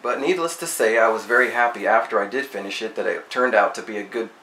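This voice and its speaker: Man, casual Bible teacher, low gravelly voice, faint noise in the recording. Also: quick pace, bright, forceful tone. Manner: reads scripture aloud then paraphrases it in slangy everyday talk. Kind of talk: casual Bible study commentary. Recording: echoey room with faint noise.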